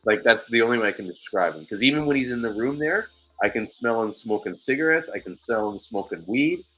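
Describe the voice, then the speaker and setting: A man's voice: medium pitch, lively intonation, brisk, a bit bright, husky, soft background music, poor audio. A man hosting a casual chat show who tells a heated, profane story. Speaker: podcast host.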